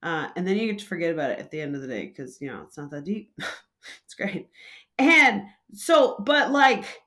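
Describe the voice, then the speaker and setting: Chatty woman vlogger with a lowish voice. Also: big pitch swings, fast. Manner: chatty, loose, full of fillers like "like". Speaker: vlog host and coffee shop manager. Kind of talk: casual storytelling vlog.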